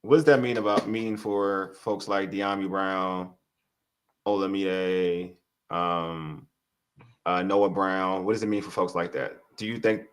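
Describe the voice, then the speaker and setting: A man hosting a casual sports talk show, asking questions in a relaxed, easygoing way and often answering with short agreements. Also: deep voice.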